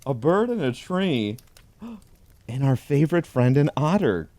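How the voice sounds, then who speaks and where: A man giving a deadpan comedic reading of a holiday pun book, with dry delivery. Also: a little high, unhurried. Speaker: host.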